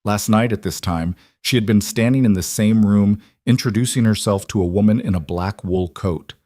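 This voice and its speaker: A man narrating a scripted crime story in a steady, measured way. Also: on the low side, no room sound, studio quality.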